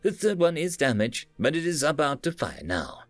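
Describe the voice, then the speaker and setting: A dutiful male sensor tech rattles off crisp damage reports, as a male narrator puts him on. The voice is lifted above the narration and lively in its rise and fall. The sound is dry, with faint music behind it. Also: on the high side, normal speed, no echo, pitched above the performer's own voice.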